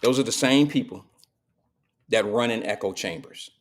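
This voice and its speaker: A man's voice: medium pitch, moderate pace. A middle-aged man hosting a live show, telling stories and preaching in a casual, slangy monologue to his audience.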